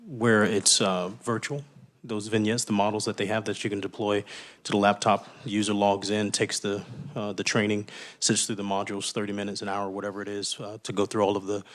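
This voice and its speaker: Man, low voice, flat delivery, legislator, rambling question, clears throat. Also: a little fast. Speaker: state representative. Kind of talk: committee hearing question.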